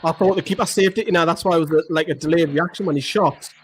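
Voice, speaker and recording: A man, co-hosting a live football watchalong from home, chatting casually, swearing and erupting with excitement. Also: fairly high pitch, fast, slight background noise. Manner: excitable, swears, shouts at goals. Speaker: fan channel co-host. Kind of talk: live match watchalong chat. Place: indoors at home with a computer.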